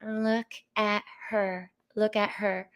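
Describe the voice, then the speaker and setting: A woman's voice: mid-range voice, little pitch movement, slow pace. A woman hosting a live tarot stream, gushing and greeting viewers by name in casual chat.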